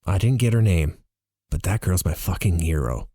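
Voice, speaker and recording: A man narrating a novel in the first person with an animated, expressive reading. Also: low voice, moderate pace, husky, no echo, studio quality. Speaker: audiobook reader.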